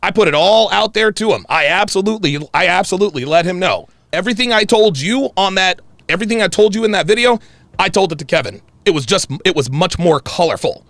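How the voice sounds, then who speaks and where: Man in heated solo rant, high-pitched and gravelly, swinging pitch, dry close sound. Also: fast, dry recording. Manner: animated, retells arguments, repeats himself. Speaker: online commentator. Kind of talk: heated monologue to camera.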